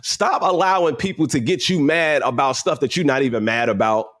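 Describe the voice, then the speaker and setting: A man's voice: medium pitch, brisk, a bit bright. A man hosting a motivational livestream, talking casually and emphatically, repeating his points and using slang. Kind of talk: animated motivational talk.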